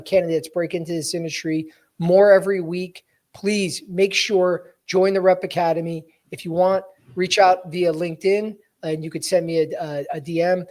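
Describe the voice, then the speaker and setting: A man's voice: fairly high pitch, a little mellow. A man hosting a podcast as a sales coach, talking bluntly to his listeners and calling them guys. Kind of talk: energetic coaching talk.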